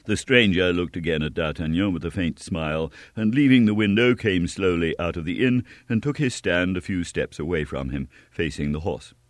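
A man narrating a novel in an expressive, measured audiobook reading. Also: deep voice, no echo, studio quality.

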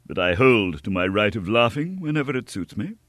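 A man voicing a composed middle-aged gentleman who speaks quietly with amused contempt. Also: lowish voice, big pitch swings, brisk, dry recording, studio quality. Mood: contemptuous.

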